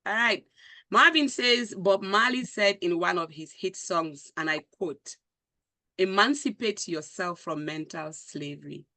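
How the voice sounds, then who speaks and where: A woman's voice: lowish voice, unhurried, pushed and bright. A woman with a Nigerian accent hosting a conversation, speaking with passion and conviction and reading out viewer comments. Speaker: show host. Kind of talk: live-stream conversation.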